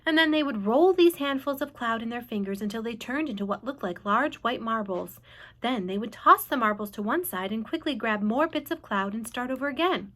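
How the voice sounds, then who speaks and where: A woman reading a children's book aloud in an expressive, animated way. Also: on the high side, brisk. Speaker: storyteller.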